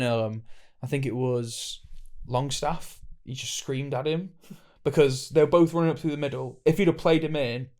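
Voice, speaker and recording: A young man co-hosting a podcast, talking football in a chatty, opinionated way with quick restarts. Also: mid-range voice, darkish tone. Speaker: podcast co-host. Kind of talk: casual football chat.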